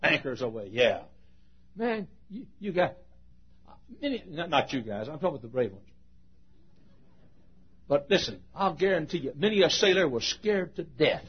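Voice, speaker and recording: An older male preacher tells a sermon story, his voice swinging from loud proclaiming to hushed asides. His voice sits high and lively with a husky edge. The recording is dull and lo-fi. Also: normal speed, long pauses.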